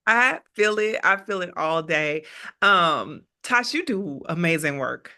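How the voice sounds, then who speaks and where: A woman's voice: on the low side, animated, a little slow, sharp tone. A woman hosting a podcast in a casual, upbeat and effusive chat. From East Coast of the US. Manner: upbeat, effusive, laughs often. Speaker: podcast host.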